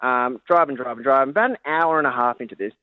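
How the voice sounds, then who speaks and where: Aussie guy telling a story on a podcast, talks quick, laughs a lot, kinda dull lo-fi audio. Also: mid-range voice, no echo. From Australia. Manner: animated, laughs while telling, acts out family members. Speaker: podcast guest. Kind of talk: casual podcast anecdote.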